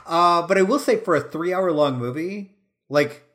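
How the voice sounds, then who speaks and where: A man's voice: a little high, lively intonation, moderate pace, background noise. A man co-hosting a podcast, chatting enthusiastically about films. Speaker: podcast co-host. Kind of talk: casual film discussion.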